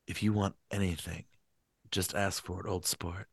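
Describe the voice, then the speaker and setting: A man voicing a smooth, formal rich young man in his early thirties, speaking low and hushed. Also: little pitch movement, normal speed, no room sound, clean studio sound. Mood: courteous. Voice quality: soft, low, hushed delivery.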